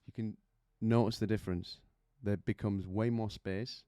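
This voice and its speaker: Man, vocal coach; deep smooth voice, dry close sound, teaching with vivid imagery. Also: fairly even intonation, normal speed, warm tone, dry recording. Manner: explains with images and rhetorical questions. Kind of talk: vocal technique lesson.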